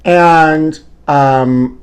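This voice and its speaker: A man's voice: fairly high pitch, fairly even intonation, drawn-out words, clear, resonant tone. A man hosting his own live stream, chatting in a campy, gossipy, theatrical way and calling his viewers honey. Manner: calls viewers honey and trashies. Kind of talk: casual live-stream chat. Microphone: own camera.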